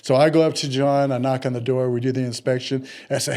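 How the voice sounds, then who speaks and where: A middle-aged man chats on a podcast, spinning a story and animatedly acting out whoever he's quoting. He has a medium-pitched voice and talks fast.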